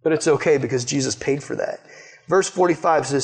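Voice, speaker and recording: A male preacher with a fairly high voice tells a personal story in a sermon. His delivery is casual and chatty, full of fillers, with animated retellings. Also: a little fast.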